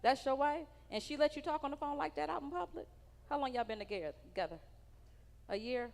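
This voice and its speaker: A woman's voice: high-pitched, brisk, gravelly. A woman doing a stand-up comedy set on stage, brash and profane, teasing people in the audience. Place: comedy stage in a large hall. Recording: live venue with long hall reverb.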